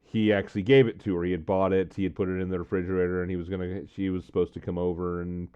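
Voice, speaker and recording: Casual male vlogger with a lowish, smooth voice and a rambling delivery, recorded lo-fi. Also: flat delivery, fast. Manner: rambling, many fillers, quoting friends in his own voice. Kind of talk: casual storytelling to camera.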